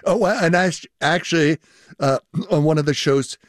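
Older professor explaining. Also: male voice, a little high, normal speed, no room sound, clean studio sound. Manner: explanatory, with fillers and restarts. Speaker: linguistics professor, guest. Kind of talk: radio interview.

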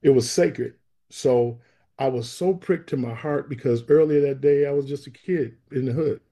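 A man with a dark, husky voice, telling a personal faith story to an interviewer. He speaks earnestly and with emotion, slipping into the voices of the people in his story as he narrates. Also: mid-range voice, normal speed. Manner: vivid storyteller who acts out quoted dialogue. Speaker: guest sharing his faith testimony.

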